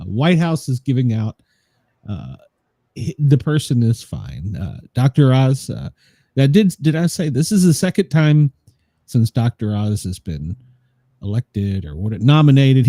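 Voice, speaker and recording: A former emergency responder co-hosts a casual daily news chat show, rambling with plenty of fillers and chuckles. His voice is medium-pitched and dark in tone, with a sing-song lilt and a slightly slow pace, and there's no echo.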